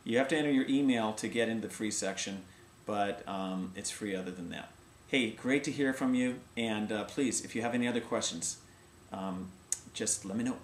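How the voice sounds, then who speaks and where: A man's voice: fairly low pitch, moderate pace. A middle-aged man teaching a casual video voice lesson, explaining vocal technique and breaking into short sung vowel demonstrations. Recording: echoey room with faint ambient noise.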